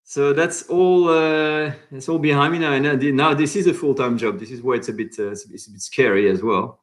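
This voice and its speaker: Man, French accent, cooking channel host, relaxed live stream chat, answers viewers' comments one by one. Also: medium pitch, brisk. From France. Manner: chatty, reads viewer comments aloud and answers them.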